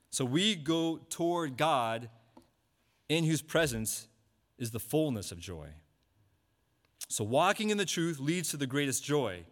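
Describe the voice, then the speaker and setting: A man preaching a sermon, asking rhetorical questions and repeating key points slowly. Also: a little high, fairly bright tone. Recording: long hall reverb.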